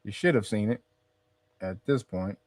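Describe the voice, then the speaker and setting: A man's voice: on the low side, a little slow, darkish tone, no echo. A man hosting a casual commentary, rambling and restarting his phrases as he explains. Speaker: host.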